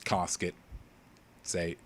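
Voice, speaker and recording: A man's voice: very slow, very noisy. A young man hosting a casual livestream quiz, joking and rambling as he reads out answers from viewers. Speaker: quiz host.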